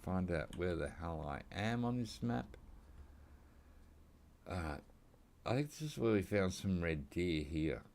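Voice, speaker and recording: A man's voice: low voice, sing-song, a little slow, long pauses, darkish tone. An Australian man rambling casually while he plays a hunting game, drifting into side chat. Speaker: gaming channel host. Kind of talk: casual gameplay commentary.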